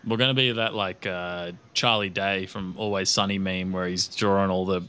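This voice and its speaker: Bright-voiced man rambling on a podcast. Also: low-pitched, steady tone, moderate pace, clean tone. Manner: rambling, looks things up aloud. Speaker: podcast co-host. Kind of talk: casual chat.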